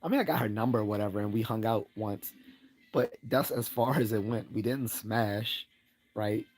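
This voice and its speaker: A man's voice: moderate pace, darkish tone. A man hosting a livestream, telling a rambling personal story in a casual way, laughing often and raising his voice to act out what people said. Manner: rambling, laughs often, acts out quoted lines in a higher voice. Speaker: livestream host.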